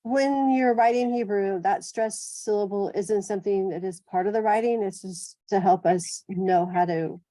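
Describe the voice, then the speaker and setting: A woman's voice: medium pitch, fairly even intonation, normal speed, hardly any pauses, dark tone, poor audio. A woman student in a language class, asking the teacher direct questions.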